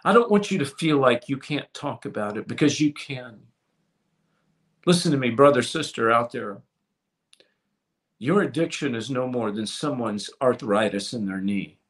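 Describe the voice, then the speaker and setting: A man preaching a sermon with passion, swinging from loud to hushed and repeating words as he restarts phrases. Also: mid-range voice, normal speed. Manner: impassioned preaching with sudden swings from loud to soft. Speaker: pastor.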